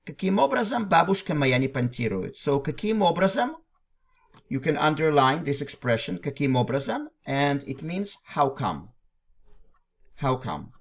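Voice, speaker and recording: A man's voice: fairly high pitch, sing-song, moderate pace, gravelly. A man teaching a language through a classic text, explaining it line by line. He talks patiently and often repeats phrases or restarts a sentence.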